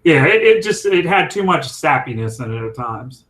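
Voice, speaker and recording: A man's voice: fairly high pitch, sing-song, moderate pace, a bit bright, low-quality recording. A man co-hosting a casual chat show, talking in a rambling, chatty way. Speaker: co-host.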